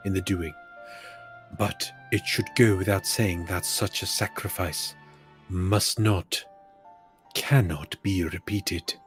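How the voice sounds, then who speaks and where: A man's voice: low voice, a bit bright. A young man streaming a game with friends, teasing them and reading the story text in a mock-solemn way. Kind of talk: casual gaming banter mixed with dramatic readings.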